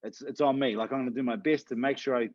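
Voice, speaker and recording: Fast-talking earnest male coach. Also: medium pitch, steady tone, a little mellow, dull audio, slight background noise. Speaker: podcast co-host, fitness coach. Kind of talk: casual chat.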